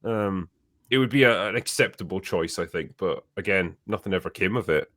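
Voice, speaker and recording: A man's voice: sits low, moderate pace, fairly bright tone, no echo, studio quality. A man hosting a casual podcast panel, talking animatedly and swearing freely as he plays clips. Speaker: podcast host.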